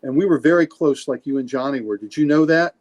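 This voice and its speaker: A man reading a comic aloud on a podcast and voicing Spider-Man as a gentle, caring adult male superhero in a slightly raised voice. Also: mid-range voice, quick pace, natural voice. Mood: gentle, comforting.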